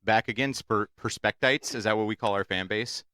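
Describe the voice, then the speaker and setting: A man's voice: fairly low pitch, fast, bright, forceful tone, smooth, no room sound, clean studio sound. A young man co-hosting a podcast in casual chat, playful and jokey, laughing easily. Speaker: podcast co-host.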